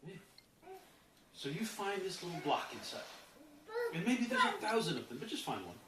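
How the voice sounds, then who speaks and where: Self-help teacher, casual lesson, very lively pitch; noisy, echoey recording. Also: moderate pace. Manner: animated, acts out inner voices, keeps asking "right?". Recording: roomy distant mic with background noise.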